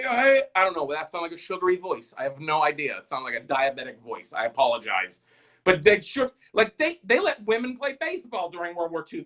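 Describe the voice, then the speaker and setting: A man's voice: high voice, bright, forceful tone, low-quality recording. A man in his thirties hosting a live stream, rambling through stand-up style jokes, self-deprecating and talking straight to his viewers.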